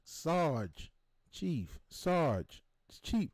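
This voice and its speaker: A man hosting a gaming stream who tells a rambling, profane story with excitement and acts out the voices in it. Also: fairly high pitch, extremely slow, no room sound. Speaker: show host.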